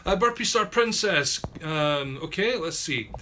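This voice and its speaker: A man from Scotland, with a southwest accent from the coast near Glasgow, hosts a casual live stream and reads out viewers' comments, using lots of fillers and repeated words. His voice is on the high side, pushed and bright, with lively intonation and a measured pace. Slight background noise can be heard.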